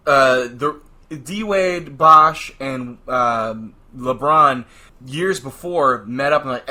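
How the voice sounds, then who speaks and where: A man's voice: mid-range voice, drawn-out words, bright, forceful tone. A man co-hosting a podcast, giving laid-back opinions on football and basketball money. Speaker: podcast co-host. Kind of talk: casual sports chat.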